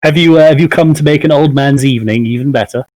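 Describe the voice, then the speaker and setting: A man's voice: a little high, quick pace, darkish tone, dry recording, voice pushed up, lightly acted, low-quality recording. A man voicing a sleepy, chatty elderly male curio merchant with rambling, filler-laden sales patter. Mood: wheedling.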